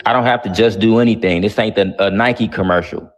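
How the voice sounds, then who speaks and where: Brash, gravelly-voiced male show host. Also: lowish voice, fairly quick. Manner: brash, profane, mocking. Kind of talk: heated live-stream talk show.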